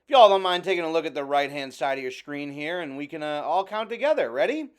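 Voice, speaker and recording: A man's voice: a little high, expressive, fast, smooth, natural voice. A man playing a brash wrestler who calls himself the god of fire, delivering a blustering, indignant heel promo.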